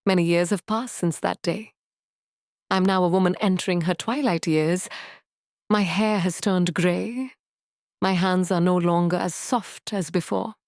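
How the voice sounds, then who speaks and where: A woman narrating a dramatic first-person story slowly, in a sorrowful storytelling manner. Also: fairly low pitch, fairly even intonation, a little mellow, no echo, clean studio sound.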